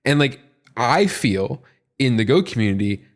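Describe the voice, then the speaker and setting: Animated, lively-pitched man on a podcast. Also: normal speed. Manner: animated, rambling, heavy use of "like"; earnest and frustrated. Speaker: podcast panelist. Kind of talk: casual podcast discussion.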